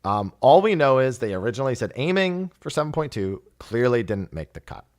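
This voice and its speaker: A man's voice: medium pitch, a little fast. Guy hosting a podcast, medium voice, lots of up and down, laughs a bunch. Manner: animated, laughs often. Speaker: podcast host. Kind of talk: casual chat.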